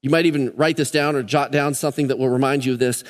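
A pastor preaches a Sunday sermon in a church sanctuary during a service, talking fast in a mid-range voice with fairly even intonation. Earnest and emphatic, he hammers key words in threes, and the church hall's long reverb surrounds him.

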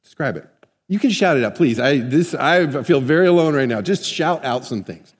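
A man's voice: medium pitch, lively intonation, moderate pace, breathy edge. A man preaching a sermon in a conversational way, often asking the congregation questions. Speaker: pastor. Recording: long hall reverb.

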